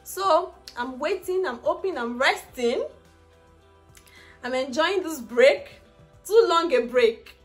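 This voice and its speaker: A young woman with a high-pitched voice tells a personal story in her vlog, and her laughter often slides into tears. She shares it with earnest, faith-filled encouragement, and faint music plays behind her. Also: lively intonation, slow, pauses often. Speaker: vlogger.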